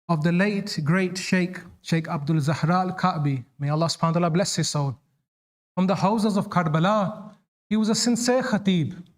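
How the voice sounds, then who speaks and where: A man giving a sermon, telling religious stories dramatically and acting out the lines he quotes. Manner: dramatic, voices quoted lines with rising pitch. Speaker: preacher. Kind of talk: sermon storytelling.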